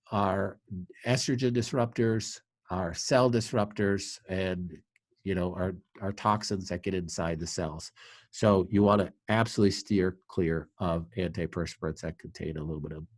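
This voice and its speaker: A man's voice: deep voice, a little slow, no echo. A man, a clinic doctor, answering viewer questions in a live webinar, giving earnest, emphatic advice with frequent fillers.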